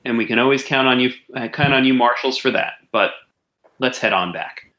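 A man's voice: mid-range voice, brisk, pushed and bright, echoey room, close to an everyday voice, low-quality recording. A man voicing a stern middle-aged police detective in a tabletop game, polite but firm.

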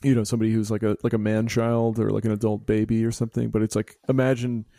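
A male radio host with a mellow, dark-toned voice speaks in a relaxed, halting way, often pausing on "like" and "uh". The sound is dry and close to the mic. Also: fairly low pitch, gravelly, dry recording. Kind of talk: casual radio interview.

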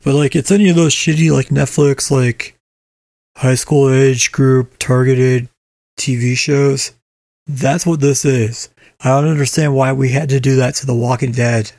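A man with a gravelly, creaky voice trades blunt, sardonic takes in casual chat, swearing freely. The recording is dry and close. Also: medium pitch, steady tone, unhurried, a little mellow, dry recording. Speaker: podcast co-host.

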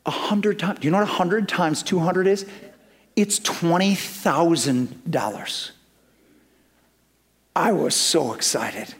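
A man with a somewhat raised pitch delivers a sermon in a church. He tells a story in an animated way and slips into the voices of the people in it for comic effect. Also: slow pace, long pauses. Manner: animated, acts out dialogue with humor. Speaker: pastor.

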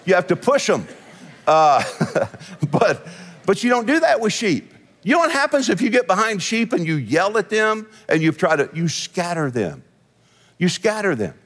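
Folksy pastor with a lively voice. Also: male voice, sits high, moderate pace. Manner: folksy, storytelling, laughs often. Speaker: senior pastor. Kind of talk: conversational sermon with humor. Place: church sanctuary. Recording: long hall reverb.

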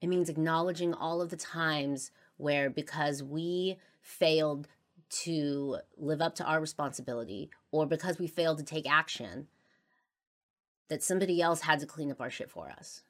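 A woman hosting a podcast, talking through a personal confession in halting speech full of fillers, often trailing off quietly. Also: deep voice. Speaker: podcast host.

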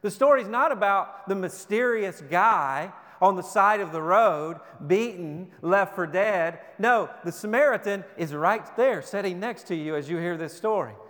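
High-voiced preacher in a reverberant hall. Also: male voice, lively intonation, a little slow, few pauses, fairly bright tone. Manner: emphatic, rhetorical questions, repeats words. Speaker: pastor. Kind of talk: sermon. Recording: long reverb of a large hall.

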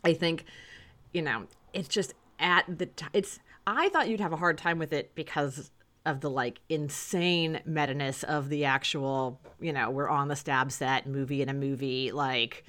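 Low-pitched female podcast host, casual and rambling, quick to laugh. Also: fairly bright tone. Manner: chatty, laughs often, lots of fillers. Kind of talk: casual chat.

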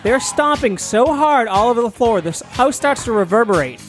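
A man's voice: extremely high pitch, animated, normal speed, music in the background. A young man co-hosting a casual podcast, rambling and swearing as he improvises silly stories. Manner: rambling, profane, jokey. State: hot and sweaty. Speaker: podcast co-host. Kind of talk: casual chat, improvised storytelling.

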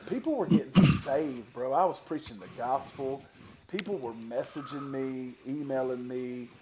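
A man's voice: medium pitch, normal speed, very noisy. A man being interviewed as a guest, talking casually about his worship singing.

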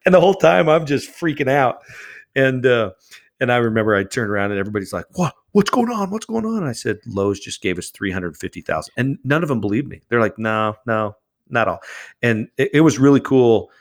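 A man telling a story as a guest in an interview, acting out the quoted exchanges with animated voices. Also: mid-range voice, brisk. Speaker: charity founder, guest.

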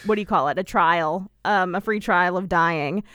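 Casting: woman co-host, smooth clear voice, dry close sound, rambling playful recap. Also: on the low side, moderate pace, a bit bright, no room sound. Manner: rambling, frequent ums, playful asides. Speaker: podcast co-host. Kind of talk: casual chat recapping a TV episode.

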